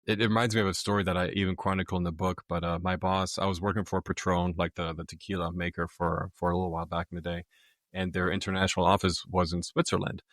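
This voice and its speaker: Low-voiced man telling stories. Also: fast, no room sound, clean studio sound. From Germany. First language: German. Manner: animated storyteller, acts out quoted voices. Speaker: podcast guest, author. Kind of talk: casual storytelling chat.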